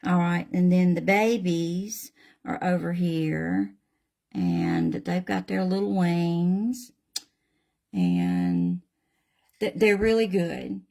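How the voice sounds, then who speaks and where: This is an older woman with a Southern drawl who talks slowly and unhurriedly. Her voice sits a little low, and she chats in a folksy way as she walks viewers through a craft demo. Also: sing-song, vocal fry, dark tone. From Southern United States. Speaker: craft channel host. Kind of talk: casual live painting demonstration.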